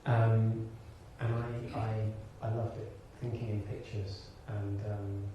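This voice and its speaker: A man from Birmingham, an actor and director, telling animated stories to an audience on stage in a live conversation. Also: lowish voice, slow pace, muffled recording. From Birmingham, England. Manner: animated storyteller, frequent restarts and laughter. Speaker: actor and director, interview guest. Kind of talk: onstage conversation before an audience. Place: large hall with audience. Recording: echoey hall from far off with background hiss.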